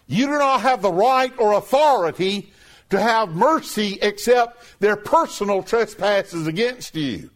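Guy preaching, pretty high voice, stresses and repeats his lines. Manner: emphatic, repeating phrases with rising and falling pitch. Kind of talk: sermon.

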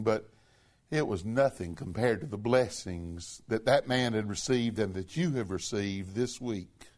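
A man preaches to his congregation, emphatic and earnest, swinging between loud, high stresses and low, quiet phrases.

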